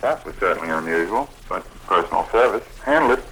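A man's voice: deep voice, animated, fast, fairly bright tone, husky, rough recording. A man being interviewed about his club on a scripted 1940s radio broadcast, reading his prepared lines steadily and proudly. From United States. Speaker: Red Cross program director.

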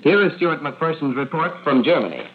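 A man presenting a radio newsreel in a crisp, formal announcing style. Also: fairly high pitch, animated, fairly quick, over a noisy crowd. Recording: tinny, hissy 1940s radio archive.

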